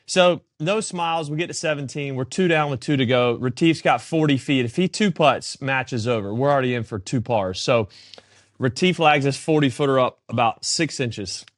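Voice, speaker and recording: A man co-hosting a podcast tells a story and acts out the back-and-forth dialogue. His voice sits at an ordinary middle pitch. The sound is dry and close, with no room echo. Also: moderate pace. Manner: animated anecdote-telling, acting out dialogue. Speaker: podcast co-host. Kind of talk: casual storytelling chat.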